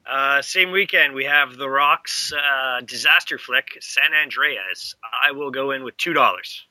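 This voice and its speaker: A man's voice: medium pitch, unhurried, pushed and bright, rough recording. A man co-hosting a casual chat, announcing movie releases and opening bids, with playful swearing. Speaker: co-host. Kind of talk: casual podcast banter.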